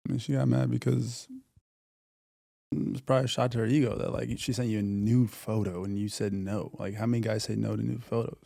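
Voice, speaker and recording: Gravelly laid-back man. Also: on the low side, fairly even intonation, fairly quick, warm tone, no room sound, studio quality. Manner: laid-back, teasing, says bro. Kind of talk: casual chat.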